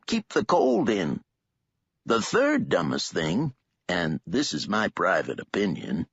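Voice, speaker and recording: A man's voice: mid-range voice, gravelly, a bit bright, husky, dry recording, pitched above the performer's own voice, exaggerated voice. A man putting on a chatty folksy old man. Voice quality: folksy, drawling and sing-song. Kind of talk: audiobook character voice. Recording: dull lo-fi dry recording.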